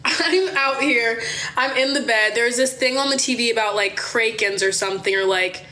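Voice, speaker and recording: Young woman from Maryland, slightly high voice, loose chatty livestream storyteller with frequent swearing. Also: moderate pace. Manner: animated, chatty, swears, addresses viewers as y'all. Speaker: livestream host. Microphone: phone.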